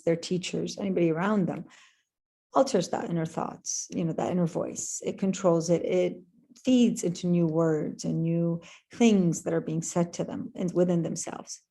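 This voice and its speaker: A woman therapist addresses parents in an online presentation, with a lowish, mellow voice. She is earnest and repeats her points for emphasis. Her speech is dotted with "you know" and "um". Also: vocal fry.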